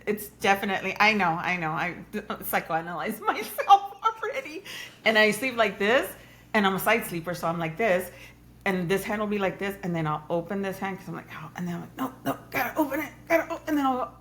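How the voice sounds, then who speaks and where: A woman with a mid-range voice hosts a podcast, speaking fairly quickly. She's frank and animated in casual conversation, laughing often as she tells stories.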